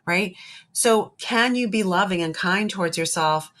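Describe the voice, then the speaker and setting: A woman's voice: mid-range voice, unhurried, fairly bright tone. A woman speaking as a psychologist guest in an interview, earnest and emphatic, often repeating her key points. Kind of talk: interview conversation.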